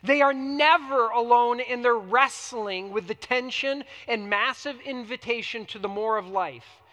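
A male pastor delivering a sermon in a high, bright voice. He moves from hushed, drawn-out phrases to sudden emphatic peaks. The sound carries a long reverberant tail from the hall. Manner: dynamic preaching, swinging between hushed and emphatic.

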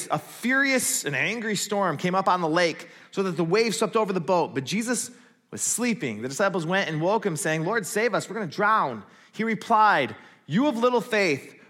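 A man's voice: a little high, a bit bright. A man preaching a sermon at a church, acting out quoted lines with animation. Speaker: pastor.

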